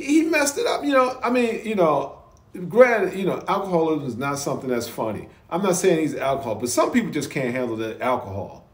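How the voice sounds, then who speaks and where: A man with a high, swooping voice gives casual reaction commentary, drifting into stories and chuckling as he goes. The sound bounces around a roomy space. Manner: chuckling storyteller, animated. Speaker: reaction video host. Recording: roomy echo.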